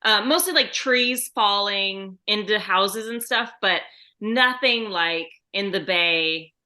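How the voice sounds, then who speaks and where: A woman's voice: mid-range voice, slow pace, sharp tone. A woman co-hosting a podcast over a video call, upbeat and teasing with slangy talk. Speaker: podcast co-host. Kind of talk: casual chat.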